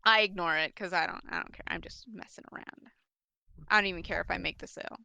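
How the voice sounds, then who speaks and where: Breezy bright-voiced woman player. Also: fairly low pitch, fast, creaky, dry recording. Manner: breezy, teasing, salesy. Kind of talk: in-character tabletop play.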